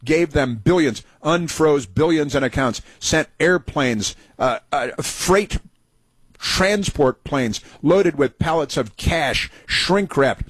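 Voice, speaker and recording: A man's voice: a little high, animated, slow pace, husky, no room sound. A man hosting a political talk show, talking in a sarcastic, mocking way with many filler words. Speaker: talk radio host.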